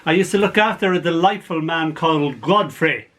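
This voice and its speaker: A man reading his poems aloud to a small group over a video call, in an animated way with frequent laughs. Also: a little high, moderate pace. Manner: animated, laughs between lines. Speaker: poet. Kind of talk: poetry reading.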